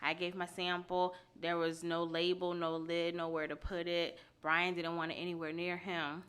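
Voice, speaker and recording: A woman's voice: lowish voice, monotone, moderate pace, a bit bright, clean tone. A woman co-hosting a podcast, chatting casually and teasingly and jumping in to give her side of the story. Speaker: podcast co-host. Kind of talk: casual conversation.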